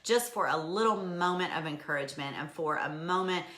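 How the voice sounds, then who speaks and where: A woman hosts a casual live stream, speaking to viewers in a bright, forceful voice with a fairly low pitch. She talks in an encouraging, emotional way and laughs often. The sound is roomy, with clear echo. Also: brisk. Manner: encouraging, answers viewer comments by name. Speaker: host of a weekly live stream.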